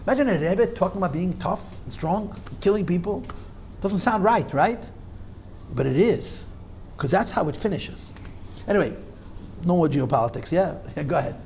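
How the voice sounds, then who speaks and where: A man's voice: sits high, expressive, normal speed, darkish tone, slight background noise. A man teaching a Torah class as a rabbi, emphatic and repeating key points while debating his students. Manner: emphatic, argues back and forth with students.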